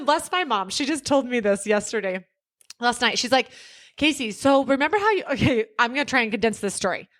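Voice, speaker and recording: A woman co-hosting a podcast, telling stories in a casual, animated way with quick bursts of laughter. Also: a little high. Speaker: podcast co-host. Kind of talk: casual chat.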